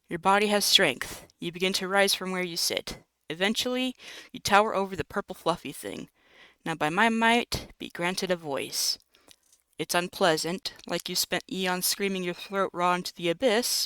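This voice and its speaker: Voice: mid-range voice, fairly bright tone, clear, resonant tone, no echo, low-quality recording. A host reading a text-based game aloud, breaking in with wry jokes and asides. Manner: wry, jokey, self-interrupting. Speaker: narrator and let's-play host.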